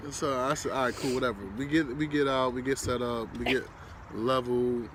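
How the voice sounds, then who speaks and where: A young man vlogging with his wife, casually retelling a rough camping night in a relaxed, slangy way. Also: medium pitch, fairly quick, very noisy. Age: young adult. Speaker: vlogger, husband. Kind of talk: casual storytelling chat.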